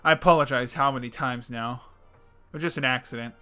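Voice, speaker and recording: A young man co-hosting a podcast, making edgy jokes with sarcastic, deadpan asides in casual chat. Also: mid-range voice, brisk, smooth, faint music behind. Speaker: podcast co-host.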